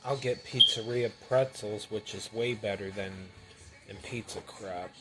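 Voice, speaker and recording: A man talking casually and haltingly as he reviews a snack and a drink at home, with sudden loud bursts between mumbled stretches. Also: lowish voice, fairly even intonation, over music. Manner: rambling, halting, loud bursts while eating. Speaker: food reviewer.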